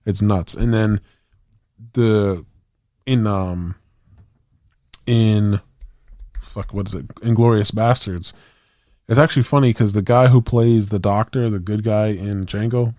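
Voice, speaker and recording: A podcast co-host with a lowish, warm voice rambles through movie scenes in casual chat, acting out the lines and swearing plenty. The recording is studio quality with no room sound.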